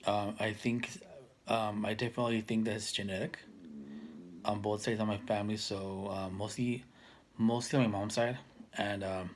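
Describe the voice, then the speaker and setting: A man in his thirties talking casually to camera, soft-spoken and hesitant, with many fillers and restarts that trail off quietly. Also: lowish voice, flat delivery, moderate pace. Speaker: vlogger.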